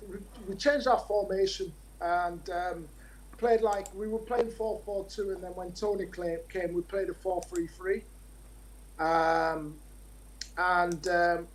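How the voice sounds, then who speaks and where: A man in his fifties, a former footballer, talking as a podcast guest and telling relaxed stories full of fillers and restarts. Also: high voice, low-quality recording. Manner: relaxed anecdotal storytelling with many fillers. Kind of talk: podcast interview.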